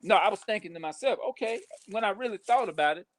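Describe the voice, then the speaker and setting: A man ranting casually to camera, talking rough, profane and repetitive, sounding frustrated. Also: high-pitched, animated, quick pace. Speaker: vlogger.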